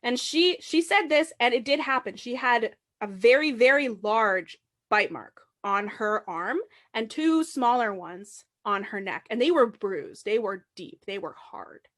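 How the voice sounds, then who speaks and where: A woman hosts a casual true-crime podcast and tells the story in an animated way. Her voice sits a touch high and swings widely in pitch. She laughs easily between points. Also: unhurried. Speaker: podcast host.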